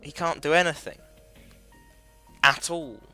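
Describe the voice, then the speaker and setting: A man with a very bright, sharp-edged voice chats loosely through a gameplay video. He swears freely, rambles, and corrects himself as he goes, with faint game music in the background. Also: fairly high pitch, measured pace. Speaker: gaming video host. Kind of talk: casual gameplay commentary.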